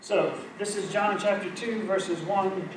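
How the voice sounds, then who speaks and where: A man's voice: high-pitched, fairly even intonation, measured pace, background noise. A middle-aged man leading a church Bible study group, teaching in a conversational, self-deprecating way. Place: church meeting room. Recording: echoey room recorded from far off.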